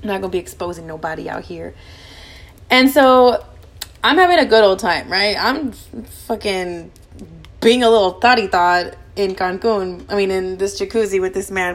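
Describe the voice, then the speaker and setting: Young female podcast host; rapid, lively, profane storytelling voice. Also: medium pitch. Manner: fast, animated, profanity-laden chatter. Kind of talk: casual storytelling.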